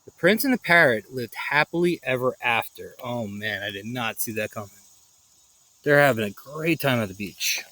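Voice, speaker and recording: Male read-aloud narrator for a kids' picture book: animated, bright, breaks off for casual asides. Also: medium pitch, moderate pace, low-quality recording. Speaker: storyteller.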